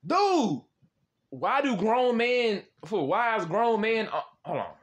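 A young man casually chatting with strangers on a video chat app, swearing and loudly reacting. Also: high-pitched, sing-song, slow. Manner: slangy, swears often, loud exclaiming reactions and laughs.

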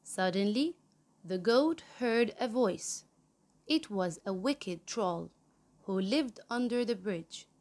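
A woman hosting her own channel, reading a children's story aloud in a slow, clear storybook manner. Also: mid-range voice, animated, a little mellow.

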